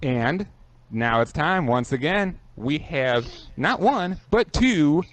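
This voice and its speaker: A man's voice: fairly high pitch, very animated, takes it slowly. A man co-hosting a casual racing podcast, speaking earnestly and getting a little choked up. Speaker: podcast co-host. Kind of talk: casual sports podcast chat.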